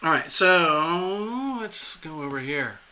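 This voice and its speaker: A man reading tarot live for a viewer, talking in a rambling, animated way with frequent restarts and chuckles. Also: on the high side, slow pace. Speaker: tarot reader hosting a live stream.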